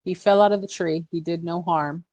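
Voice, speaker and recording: A woman's voice: lowish voice, fairly even intonation, normal speed, darkish tone, no room sound, close to an everyday voice. A woman speaking in character as a composed empress giving brief orders in a tabletop game. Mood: commanding. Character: commanding empress, calm and regal.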